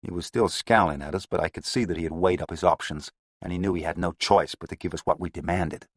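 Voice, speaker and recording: A man reading an audiobook in a steady, descriptive first-person narration. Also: low-pitched, fast talker, slightly rough, no room sound, clean studio sound.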